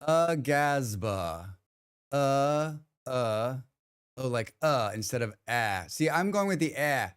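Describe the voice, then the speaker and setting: A man's voice: medium pitch, animated, takes it slowly, fairly bright tone, clear, resonant tone. A man streaming a game live, chatting casually with his viewers in a rambling way and often restarting his sentences. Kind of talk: casual livestream chat.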